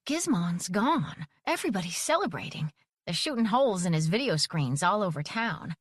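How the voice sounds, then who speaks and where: Brisk old grandma, as a woman narrator puts her on. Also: fairly low pitch, big pitch swings, husky, dry recording, clean studio sound. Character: older grandmother, dry and brisk.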